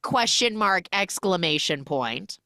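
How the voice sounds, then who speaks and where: Low-voiced woman recapping a film. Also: slow pace, dry recording. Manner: animated storyteller who acts out the characters' lines. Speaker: podcast host.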